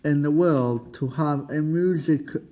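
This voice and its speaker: Slow, halting young man on student radio. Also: a little high, mellow. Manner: halting, chatty, quizzes classmates in the studio. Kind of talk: casual radio chat.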